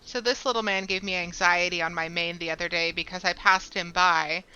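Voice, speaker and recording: A woman streamer giving chatty, excitable commentary while playing a game at her desk mic. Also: lowish voice, fairly quick, clean tone, dull audio.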